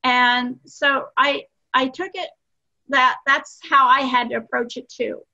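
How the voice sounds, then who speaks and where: An older woman telling her story to an interviewer, earnest and self-deprecating, wandering through her memories in a bright, fairly high voice. The audio is dull and lo-fi. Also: fairly even intonation, measured pace, creaky. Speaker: interview guest.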